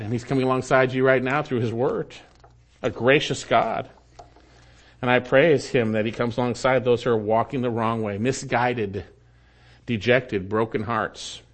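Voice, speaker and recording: A pastor preaches a sermon earnestly, his pitch climbing on emphatic points and dropping low and quiet on asides.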